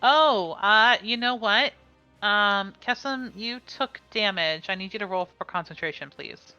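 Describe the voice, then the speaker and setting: A woman's voice: medium pitch, unhurried, pushed and bright, smooth, dull audio, soft background music. A woman running a tabletop game as game master, calling rolls and describing attacks with small laughs. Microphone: streaming mic.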